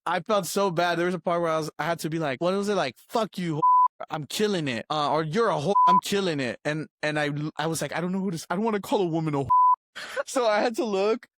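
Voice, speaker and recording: A man's voice: sits high, fast, dry recording. A young man co-hosting a podcast, rambling through a story, laughing often and acting out quoted lines. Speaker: podcast co-host. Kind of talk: casual storytelling chat.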